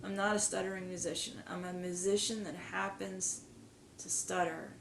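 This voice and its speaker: The musician guest on this podcast has a low-leaning, creaky voice with fairly even intonation and a moderate pace; she speaks earnestly and emotionally in a casual interview, with frequent stuttered repetitions and blocks, in an echoey room with faint background noise.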